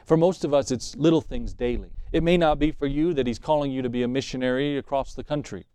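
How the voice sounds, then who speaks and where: A man's voice: mid-range voice, fast talker, warm tone, smooth, dry recording. A man preaching a sermon in a conversational way, reading scripture and acting out what the Bible figures say. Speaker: pastor.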